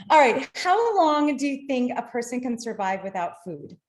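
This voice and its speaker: A woman's voice: sits high, sing-song, moderate pace, hardly any pauses. Middle-aged woman, webinar lecturer, practical, explanatory, computer mic. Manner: explanatory, practical, apologetic when slides fail. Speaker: nutrition lecturer. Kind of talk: webinar presentation.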